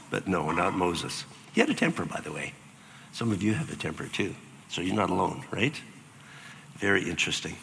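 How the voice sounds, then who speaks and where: An older man preaching a sermon as pastor, animated and acting out voices with sudden jumps in pitch. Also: normal speed, long reverb tail, a little hiss or hum.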